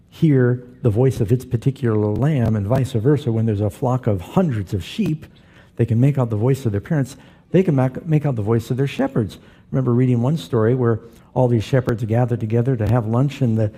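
A man's voice: medium pitch, dark tone, slightly rough. A middle-aged man preaching a sermon as pastor, telling stories with humor and putting questions to his congregation. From Southern California.

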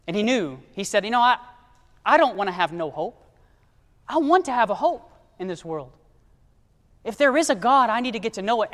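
A man with a high voice preaches in a big church hall with a long reverb tail. He tells his story by acting out the characters, going hushed and low for one and climbing loud and high for another. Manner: shifts to soft low tones for quoted characters, rising to loud high emphasis. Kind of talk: sermon storytelling.

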